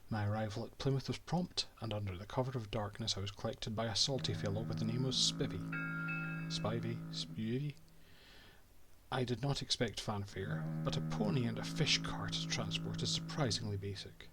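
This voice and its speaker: A man's voice: on the low side, moderate pace, over loud music, close to an everyday voice. A Scottish man voicing a haughty male cartographer and reading his old-fashioned diary aloud from a game.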